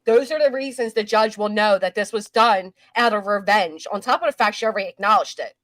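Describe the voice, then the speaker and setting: A woman's voice: mid-range voice, fairly quick, a bit bright, no echo. A woman hosting a casual live stream, talking in a brash, profane, mocking way. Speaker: host.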